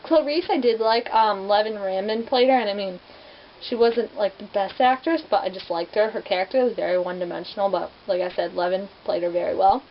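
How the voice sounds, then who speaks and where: A woman's voice: mid-range voice, fairly quick. A young woman reviewing movie adaptations in a casual vlog, chatty and rambling, full of "like" fillers. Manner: chatty, rambling, heavy use of "like". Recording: dull lo-fi with faint hiss.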